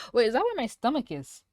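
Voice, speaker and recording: A woman reacting to a cartoon episode as a reviewer, swearing and ranting between fits of laughter. Her pitch leaps up and down all the time. The sound is dry and close, with no room echo. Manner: profane, laughing often, rants. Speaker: animated series reviewer.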